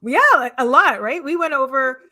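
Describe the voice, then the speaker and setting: A woman's voice: high voice, normal speed, pushed and bright. Upbeat woman hosting an interview. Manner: encouraging, frequent backchannel affirmations. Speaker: host. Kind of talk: conversational interview.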